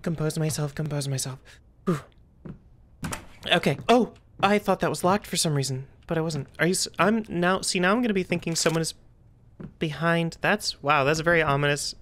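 A woman streamer talking through a horror game, chatty and jumpy, with nervous outbursts and a slightly rough throat. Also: on the low side, a little fast, fairly bright tone, slight background noise. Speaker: gaming streamer.

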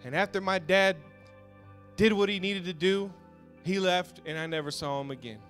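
Male pastor with a high, bright voice, emotional testimony that swings from hush to shout, faint music under him. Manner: swings from hushed storytelling to shouted passion; halting, repeats words when moved. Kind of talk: emotional personal testimony sermon.

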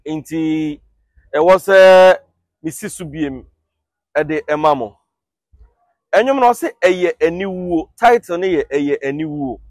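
Ghanaian man, high voice, dry close sound; relaxed host explaining step by step. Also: dry recording. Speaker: YouTube host explaining song lyrics. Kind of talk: casual explanatory talk to camera.

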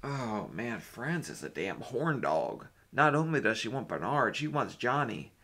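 Gravelly, bright-voiced man joking around. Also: mid-range voice, very animated, unhurried, faint music behind. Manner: joking, crude, sarcastic riffing. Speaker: reaction video host. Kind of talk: casual reaction commentary.

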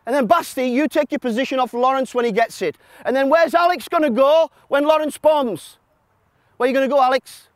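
A man coaching a football session. He shouts instructions to players and explains the system to watching coaches in a blunt, joking way. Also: fairly quick, no echo. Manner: shouting instructions to players on a pitch, then explaining quietly to an audience. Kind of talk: coaching session with live demonstration. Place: outdoor football pitch.

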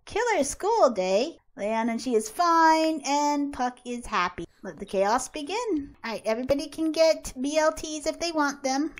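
A woman narrates her game session, bossing and cheering on the characters as she plays. Her voice sits high and swoops widely as she reacts, with frequent laughter. It is chatty, animated commentary. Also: a little slow, few pauses. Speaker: author playing a life-sim game. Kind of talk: gameplay commentary.

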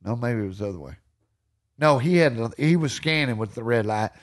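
A middle-aged man, a podcast guest telling stories in casual chat, energetic and swearing freely. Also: medium pitch, a little fast.

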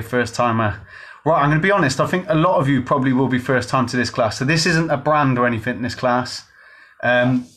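A Gloucester fitness instructor with a Gloucestershire English accent leads a dance fitness class on a live stream. His mid-range, slightly bright voice stays chatty and upbeat as he says hello to viewers by name.

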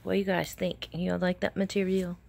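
A woman's voice: on the low side, little pitch movement, brisk, creaky, darkish tone. A woman teacher reading a picture book aloud to children and asking them questions between pages.

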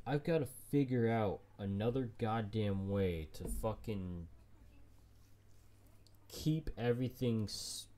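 Slow, low-voiced cursing male gamer. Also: mellow. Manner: frustrated, swears constantly. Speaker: game streamer. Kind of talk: let's play commentary.

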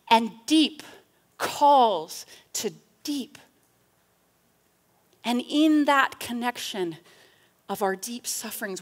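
A woman's voice: a little high, expressive. A woman giving a reflective Bible talk, reading psalm passages with feeling and often asking "right?". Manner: slow, earnest, with frequent rhetorical "right?"; reads psalm passages with rising intensity. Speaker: teacher in a church class.

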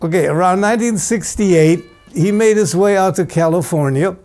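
A man's voice: sits high, normal speed, darkish tone. An older man presenting an award, telling a plain-spoken, storytelling tribute and chuckling now and then. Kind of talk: anecdotal tribute speech.

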